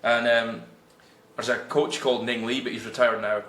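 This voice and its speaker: Late-20s male guest, blunt and profane, lively storytelling, bright tone in an echoey room. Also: mid-range voice, moderate pace. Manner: blunt, swears freely, animated storytelling. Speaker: guest, freelance copywriter. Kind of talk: casual storytelling in conversation. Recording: roomy echo.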